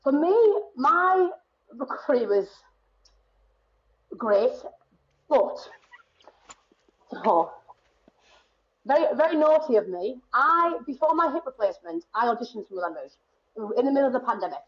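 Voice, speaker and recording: Northern lady late thirties, chatty, bit high voice, kinda dull audio. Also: measured pace, long pauses. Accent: northeast English. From northeast England. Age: 30s. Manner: chatty, animated, laughs often. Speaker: guest performer. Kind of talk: casual chat.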